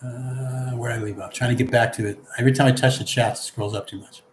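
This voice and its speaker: A man's voice: mid-range voice, fairly even intonation, fast talker. Older man chatting through a live stream. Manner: chatty, reads viewer comments aloud and answers them. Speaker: livestream host reading chat. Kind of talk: casual chat. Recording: echoey room with faint background hum.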